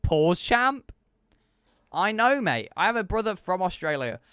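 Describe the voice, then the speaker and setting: Bright high-voiced man streaming. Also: a little fast, smooth, no room sound, studio quality. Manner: animated, joking banter with chat. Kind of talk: casual live-stream chat.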